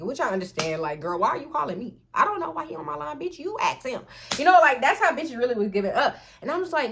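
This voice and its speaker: Animated, profane woman telling a story. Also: high voice, fast, vocal fry, a little hiss or hum. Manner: animated, profane, keeps addressing viewers. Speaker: vlogger. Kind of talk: storytime vlog.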